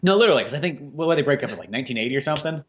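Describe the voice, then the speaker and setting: A man's voice: mid-range voice, lively intonation, very fast, dull audio. A man co-hosting a podcast in casual, profane chat, riffing loosely and slipping into mock voices. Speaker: podcast co-host.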